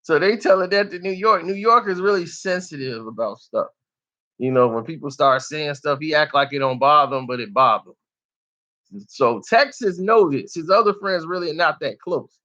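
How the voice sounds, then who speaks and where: Bright-voiced slangy male storyteller. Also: a little high, lively intonation, normal speed, dull audio. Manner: slangy, loose, keeps asking "you know". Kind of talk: casual street storytelling.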